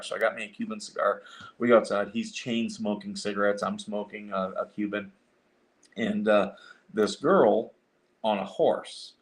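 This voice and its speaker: A man's voice: fairly low pitch, steady tone, normal speed. A man hosting a casual chat show, telling a rambling story with lots of fillers and restarts. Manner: rambling, many fillers and restarts, acts out quoted voices. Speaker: show host.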